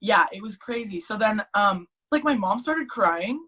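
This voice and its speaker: A woman's voice: mid-range voice, a little slow, slightly rough. Chatty teenage girl telling a story. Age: teens. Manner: chatty, animated storytelling with many "like"s. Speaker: guest. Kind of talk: casual chat.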